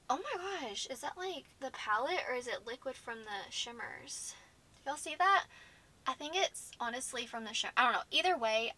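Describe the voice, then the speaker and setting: A woman's voice: on the high side, sharp tone. A woman, chatting casually to camera as a beauty vlogger, indecisive and laughing often. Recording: audible background noise.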